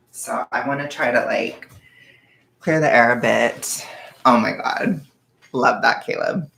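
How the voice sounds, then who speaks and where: Nervous, rambling young man with a gravelly voice. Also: medium pitch. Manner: rambling, self-conscious, with hushed asides. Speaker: vlogger. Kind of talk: casual confessional chat. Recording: echoey room.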